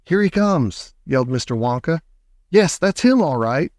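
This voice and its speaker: A man voicing an eccentric, excitable old male candy maker in an audiobook, with theatrical exclamations. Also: medium pitch, moderate pace, no room sound, studio quality, close to an everyday voice. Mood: excited. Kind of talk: audiobook character voice.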